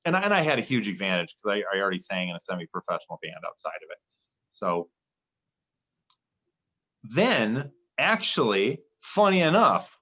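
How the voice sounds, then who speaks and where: A man's voice: mid-range voice, bright, forceful tone, low-quality recording. A young man chatting as a podcast guest, rambling with many fillers and restarts. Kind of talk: casual chat.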